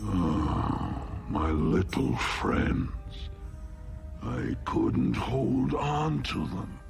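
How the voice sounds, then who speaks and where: An actor voicing a huge, sorrowful male rock-eating giant in a fantasy film, slow and resigned. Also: deep voice, wildly swooping pitch, creaky, full character voice. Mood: mournful. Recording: film clip with music under it. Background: film score music.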